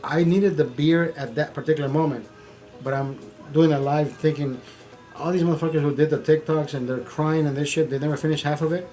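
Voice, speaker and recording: Animated, profane man telling a story. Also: fairly high pitch, brisk, soft background music. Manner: profane, animated, repeats himself. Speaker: streamer host. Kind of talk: casual storytelling.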